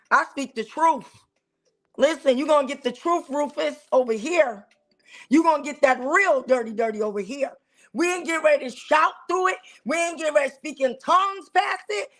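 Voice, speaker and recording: High-voiced sassy woman host. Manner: sassy, animated, talks straight to the audience. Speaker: talk show host. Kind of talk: casual preaching-style commentary.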